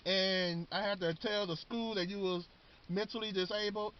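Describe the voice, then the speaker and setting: A man putting on the voice of a scolding old grandmother in an exaggerated high falsetto. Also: fairly even intonation, moderate pace, lightly acted. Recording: dull lo-fi recording.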